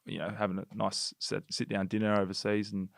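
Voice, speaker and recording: A man's voice: fairly low pitch, flat delivery, brisk, gravelly, no echo, studio quality. A man hosting a podcast, bantering and teasing his guest. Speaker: podcast host. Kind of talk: casual chat.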